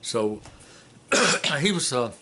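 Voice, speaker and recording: A man giving a casual spoken commentary and telling a joke in a folksy, unhurried way with many filler pauses. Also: mid-range voice, big pitch swings, sharp tone. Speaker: commentator and storyteller.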